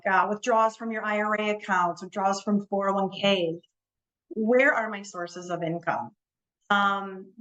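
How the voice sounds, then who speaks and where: A woman of medium pitch presents a finance webinar in an easy, conversational way. She explains step by step, fills her pauses with ums and repeats a word now and then. She leans on the key words to stress them. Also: a bit bright, lo-fi sound.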